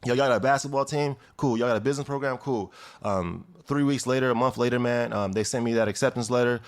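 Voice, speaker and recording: A young man from Chicago telling his life story in an interview, animated and emphatic, acting out the people he quotes. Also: mid-range voice, quick pace. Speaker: guest. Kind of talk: storytelling in conversation.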